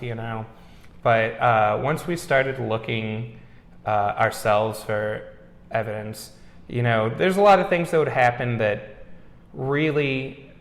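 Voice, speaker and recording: A man talks easily through his stories, leaning on "you know" as he goes. He is the guest in an interview. The room is echoey, with a long reverb tail around his voice. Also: mid-range voice. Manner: relaxed storyteller, frequent "you know". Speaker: museum owner, interviewee. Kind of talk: casual interview chat.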